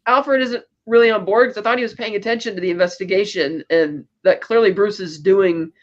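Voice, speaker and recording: Man, high-pitched voice, podcast co-host, casual rambling movie recap, paraphrased quotes, dull lo-fi audio. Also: a little fast.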